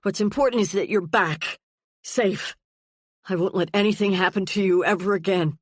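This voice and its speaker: A woman's voice: mid-range voice, moderate pace, no room sound, studio quality, lightly acted. A woman reading a worried, relieved middle-aged father in an audiobook, firing off urgent questions. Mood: overjoyed, urgent.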